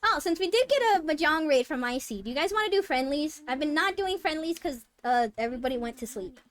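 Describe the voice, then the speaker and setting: A high-voiced woman streamer chats briskly and animatedly while gaming, cursing frequently. Her low mutters give way to high yelps of disbelief, and faint music runs behind her.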